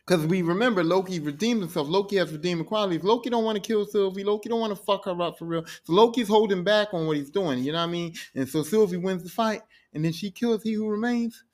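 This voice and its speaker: A man's voice: sits high, fast, hardly any pauses, a little mellow. A man hosting a podcast, recapping a show in a rambling, profane, casual way. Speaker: podcast host.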